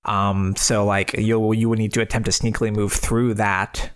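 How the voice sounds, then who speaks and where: A man's voice: on the low side, level tone, moderate pace, clean tone. A man running a tabletop game as game master, narrating scenes with frequent ums and restarts. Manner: hesitant, lots of ums and restarts.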